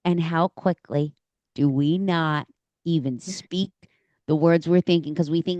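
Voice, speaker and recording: Woman, podcast host, casual interview, encouraging, calls guest girl, low pitch, dry sound. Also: normal speed, warm tone, dry recording, highs cut off.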